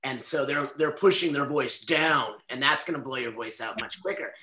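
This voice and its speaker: A man's voice: fairly quick, few pauses, bright, forceful tone. Joking male voice director in a roomy space. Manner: joking, demonstrates pitch while talking. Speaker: voice director on a panel. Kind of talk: casual panel talk. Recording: roomy echo.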